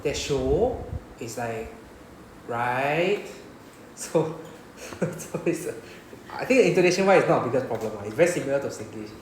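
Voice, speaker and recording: A man with a Singaporean English accent explains a Japanese lesson to his class, his mid-range voice fast and lively in intonation, often asking "right?" to make sure students follow. The room is reverberant, with slight background noise and a rough recording quality.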